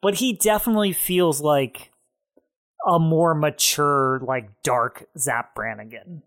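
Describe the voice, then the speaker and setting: A man co-hosting a podcast in casual chat, relaxed and laughing often as he recaps. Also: on the high side, slow. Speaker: podcast co-host.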